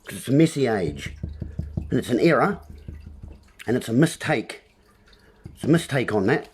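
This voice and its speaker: A man's voice: medium pitch, sing-song, moderate pace, slightly rough. A man hosting a livestream, talking in a meandering way full of wordplay and calling his listeners folks. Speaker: livestream host. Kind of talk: rambling livestream monologue.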